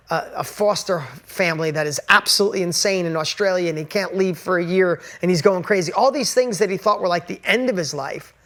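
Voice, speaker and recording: A man's voice: high voice, a bit bright. A man giving an earnest, conversational motivational talk straight to camera, pressing his points with emphasis. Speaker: motivational speaker.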